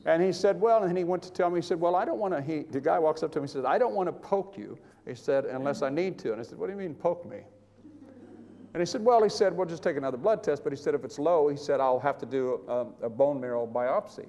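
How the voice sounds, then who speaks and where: Older guy preaching, storytelling, voice a bit high for a man, lots of chuckles, long hall reverb. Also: fast. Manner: storytelling, animated, acts out voices, chuckles often. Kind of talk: sermon testimony.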